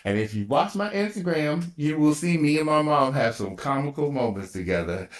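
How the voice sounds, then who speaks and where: A man in his fifties hosting his own podcast, telling a personal story with animated energy, laughing often and restarting sentences. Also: fairly high pitch, moderate pace. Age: 50s. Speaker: podcast host.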